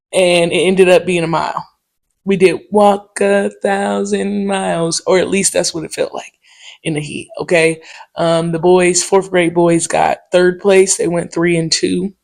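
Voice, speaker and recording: A woman hosting her own podcast, telling stories in a loose, slangy and profane way, with lots of "um" and "okay?" asides. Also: on the low side. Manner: animated, with quick asides and mimicked quotes. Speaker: podcast host. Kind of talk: casual solo podcast storytelling.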